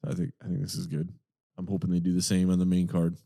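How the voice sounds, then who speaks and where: A man's voice: low-pitched, monotone, fast talker, creaky, dark tone, dry recording, clean studio sound. A man co-hosting a wrestling podcast, giving opinionated takes with joking banter. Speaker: podcast co-host. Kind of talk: casual chat.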